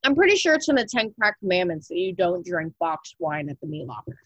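A woman's voice: lowish voice, big pitch swings, brisk, dry recording, highs cut off. A young woman co-hosting a podcast in casual chat, talking loosely with lots of "like" fillers and casual swearing. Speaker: podcast co-host.

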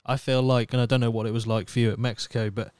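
Male podcast host, smooth and resonant, easygoing chat, close dry mic. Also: medium pitch, quick pace, no echo. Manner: relaxed, swears casually, reads chat aloud. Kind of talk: casual chat.

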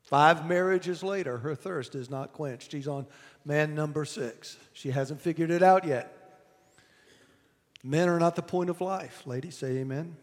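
A man preaching a sermon, retelling a scripture story with animated quoted voices and asides to the congregation. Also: on the high side, a little slow. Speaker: pastor. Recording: reverberant hall.

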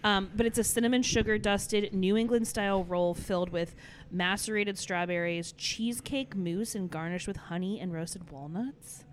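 A woman co-hosting a relaxed podcast in an ordinary middle voice. She talks her way through a list with plenty of "um" and "like", and there is a faint hiss of room noise behind her. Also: mid-range voice, moderate pace. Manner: chatty, runs down lists with many fillers. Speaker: brewery podcast co-host. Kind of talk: casual chat.

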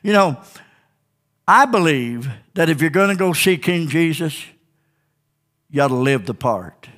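A man preaching a sermon as a pastor in church, fervent and folksy, with call-and-response "Amen?" and sudden shouts. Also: on the high side, big pitch swings, a little slow. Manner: old-fashioned, down-home speech.

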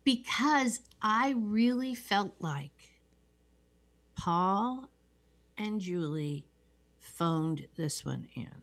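A woman co-hosting a casual chat about a film, measured and thoughtful in how she talks. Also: medium pitch, lively intonation. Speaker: podcast co-host.

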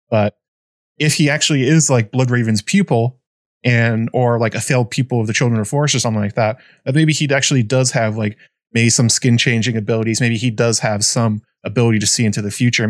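A man hosting a podcast, chatting casually in a rambling, halting way full of fillers and restarts. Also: medium pitch, no echo, clean studio sound. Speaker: podcast host. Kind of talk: casual chat.

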